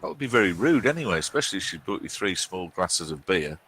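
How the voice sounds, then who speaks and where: A man's voice: sits low, very animated, fast, a bit bright, husky. A man, bantering and joking casually while streaming a game match, with many ums and restarts.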